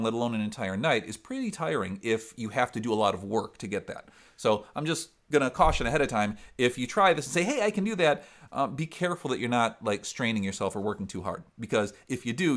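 With an expressive, fairly bright mid-range voice and a quick pace, this singer and vocal coach from the upper Midwest of America, whose voice is resonant, gives a vocal lesson. He explains technique one step at a time and sings demonstrations along the way.

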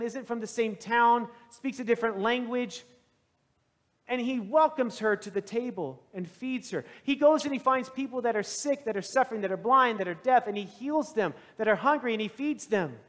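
High-voiced pastor preaching in reverberant church. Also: male voice. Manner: conversational, animated storytelling. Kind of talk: sermon.

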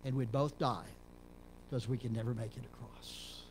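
A middle-aged man from Texas, a pastor preaching a sermon in a church, dropping to low murmurs and rising to loud emphatic peaks. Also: fairly even intonation, normal speed, slight background noise. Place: church sanctuary.

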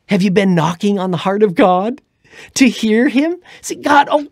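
A woman preaching on a radio show, fervent and exhorting, often dropping to a hushed whisper. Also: high-pitched, moderate pace, no room sound, clean studio sound. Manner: fervent, swings between loud urging and hushed whispers.

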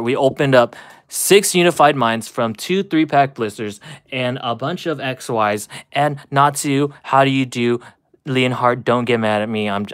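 A man opening trading card packs on a live stream, chatting and laughing with his viewers, a little out of breath. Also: mid-range voice. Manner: laughing, chatty, talks straight to chat. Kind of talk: casual live stream chat.

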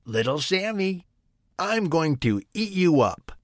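A man's voice: high-pitched, very animated, slow, no room sound, studio quality, pitched above the performer's own voice, full character voice. A man voicing a hungry, boastful tiger in a children's story, threatening and vain.

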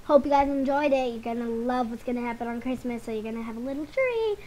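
A young woman who hosts a gaming channel chats and rambles casually to her viewers while sorting through game items, giving loose commentary over her gameplay. Her voice is fairly high, mellow and fast, with a flat delivery. The recording is low quality, carrying a slight hiss or hum.

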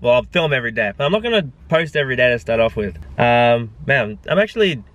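An Australian man chatting to a handheld camera from his car, his pitch bouncing around animatedly. He rambles and jokes at himself in a loose, casual vlog manner. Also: big pitch swings, quick pace, a bit bright, muffled recording. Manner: rambling, joking, self-mocking. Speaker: personal trainer vlogging his day.

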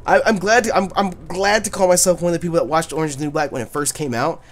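A man hosting a let's play, commenting loudly and profanely, often yelling at the game. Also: a little high, quick pace, a little hiss or hum. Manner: loud, profane, excitable, yells at the game. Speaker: gaming channel host.

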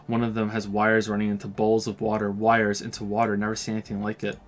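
A man voicing a laid-back young male drifter in a video game, who talks in a quiet, flattering way. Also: lowish voice, quick pace, close to an everyday voice.

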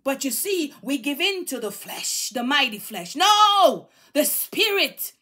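A woman's voice: high voice, sing-song, slow pace, pushed and bright. A middle-aged woman preaching a sermon in a fervent, exhorting way, repeating phrases for emphasis.

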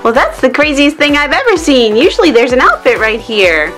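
A woman's voice: sits high, very animated, brisk, a bit bright. A woman narrating toy unboxing and doll play in a cheerful, sing-song way, with music underneath.

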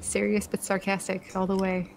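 A woman's voice: medium pitch, completely flat delivery, moderate pace, soft background music, low-quality recording. A woman co-hosting a charity gaming stream, chatting cheerfully and reading out donations. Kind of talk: casual stream chat.

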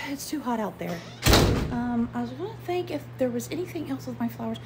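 Rambling woman filming a casual home vlog on a handheld camera, with a clear hiss of noise behind her; she slips into whispers now and then. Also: on the high side, animated, moderate pace. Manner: chatty, rambling, many "um"s; drops to a whisper at times. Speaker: vlogger. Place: at home, inside and in the yard.

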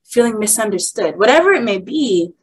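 A woman's voice: mid-range voice, very animated, brisk, slightly rough, rough recording. A young woman speaking at a women's workshop, sharing an emotional personal testimony in a heartfelt, candid way.

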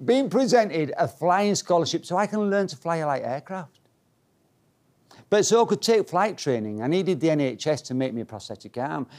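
A man gives a funny motivational talk to a live audience. He is playful and self-mocking and teases the crowd. His fairly high voice rises and falls a great deal, and he stays animated throughout. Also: moderate pace. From Yorkshire, England. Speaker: speaker.

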